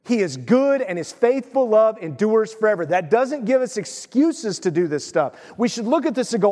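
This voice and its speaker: A man's voice: high-pitched, sing-song, normal speed, hardly any pauses, darkish tone, big-room sound. A man preaching a sermon as pastor, emphatic and asking his listeners questions. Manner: emphatic, asks the crowd questions.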